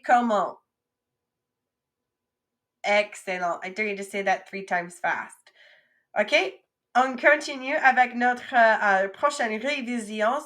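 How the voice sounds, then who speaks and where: Woman, teaching a French lesson, slightly high voice, patient, repeat-after-me drilling. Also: pushed and bright. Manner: patient, drills words for repetition. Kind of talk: recorded classroom lesson.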